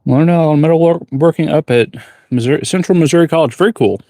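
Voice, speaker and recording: A man's voice: a little high, fast talker, mellow, dry recording, clean studio sound. Laid-back man chatting on a livestream. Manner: laid-back, rambling, reads viewer questions aloud. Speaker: blacksmith livestreamer. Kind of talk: casual livestream chat. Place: forge workshop.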